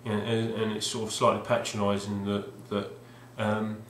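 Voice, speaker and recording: In a fairly low, monotone voice at normal speed, a man rambles casually about video games he's found, hesitant and wry with frequent restarts. Slight background noise sits under the roomy, echoey home recording.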